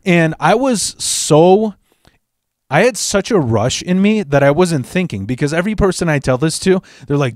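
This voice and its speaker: A man hosting a show, telling a story in a casual, animated and profane way. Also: fairly high pitch, normal speed, dry recording, clean studio sound. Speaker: host.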